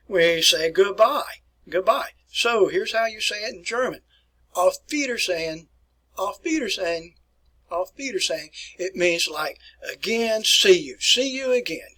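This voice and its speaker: A man lecturing to his class in a relaxed, folksy manner, repeating key words and addressing everyone as folks. His voice sits a bit high for a man and has a slightly husky edge. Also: rough recording. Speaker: teacher.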